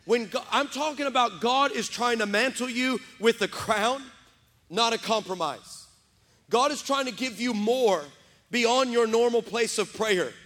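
Man preaching, high voice, animated storytelling, shouting at peaks, long church reverb. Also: measured pace. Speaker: pastor. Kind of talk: energetic storytelling sermon. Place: large church sanctuary.

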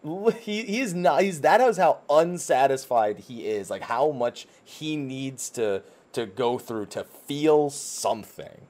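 A man's voice: mid-range voice, animated, a little slow, hardly any pauses, darkish tone. A man in casual podcast chat, animatedly retelling a game's story and swearing freely. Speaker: podcast co-host. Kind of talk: casual chat recapping a video game story.

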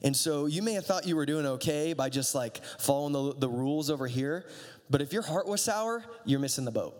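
A man's voice: on the high side, lively intonation, a little fast, darkish tone. A man preaching a casual, conversational sermon with sarcastic asides, reading and explaining scripture. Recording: long reverb of a hall.

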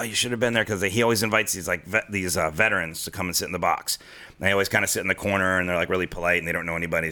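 A man with a fairly low voice and a bright, forceful edge talks at a rapid clip. He is a comedian hosting a casual podcast chat, rambling through stories, swearing and dropping into quick impressions of other people. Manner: fast rambling storyteller, swears, does voices. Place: Los Angeles.

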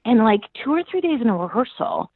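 Guest actress, middle-aged woman, gravelly edges, tinny phone-line sound, animated storyteller. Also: a little fast, no room sound. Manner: animated, acts out quoted dialogue with big pitch jumps. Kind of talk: conversational interview storytelling.

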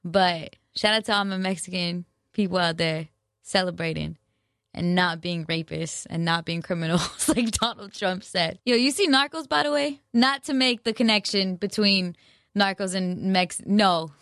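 A woman's voice: on the low side, steady tone, moderate pace, fairly bright tone, no echo, clean studio sound. A young woman chatting casually to her viewers, rambling and self-mocking, full of slang and restarts. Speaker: vlogger. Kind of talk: casual chat to camera.

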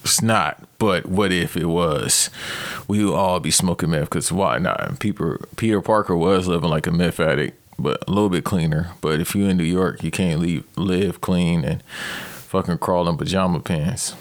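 Deep-voiced and speaking at a moderate pace, a thirtysomething podcast host rambles through a comedic, profanity-laden rant punctuated by sudden animated outbursts. The recording has no room sound.

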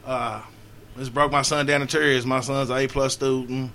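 A middle-aged man talking earnestly on a radio show, urging listeners and swinging from loud appeals to quiet, low moments. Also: level tone, normal speed, slight background noise. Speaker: community organizer and guest. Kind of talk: heartfelt radio talk.

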